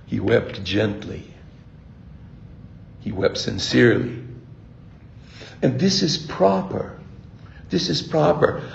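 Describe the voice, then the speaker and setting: An older man preaching a sermon as a priest, reflective and halting, often restarting his words. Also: on the low side, gravelly, roomy sound, highs cut off, slight background noise.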